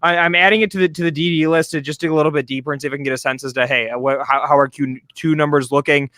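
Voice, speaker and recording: Bright, excitable male stock show host. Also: fairly high pitch, no room sound. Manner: fast, excitable, stammering restarts. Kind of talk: live stock market show.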